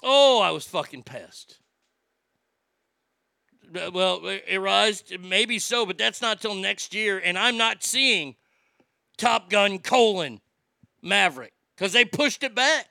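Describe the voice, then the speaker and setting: A man's voice: high voice, measured pace, gravelly, bright, forceful tone, no room sound, studio quality. A man ranting casually and profanely about movies while reading out listener comments. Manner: swearing, exasperated ranting.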